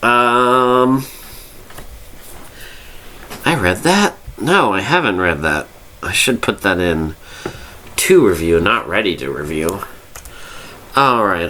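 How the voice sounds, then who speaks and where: A drunk man hosts a loose review monologue, talking low but with a bright, punchy edge. He rambles, swears freely and drifts off his point now and then. A faint hiss sits under his voice. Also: sing-song, slow pace, long pauses. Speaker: fanfiction review host.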